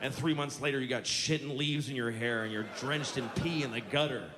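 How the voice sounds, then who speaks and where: A man's voice: medium pitch, brisk. A man doing stand-up comedy on a stage mic, ranting sarcastically with plenty of swearing. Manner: profane, sarcastic ranting that builds to outbursts. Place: comedy stage with a live audience. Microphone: handheld stage mic. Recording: noisy live stage recording.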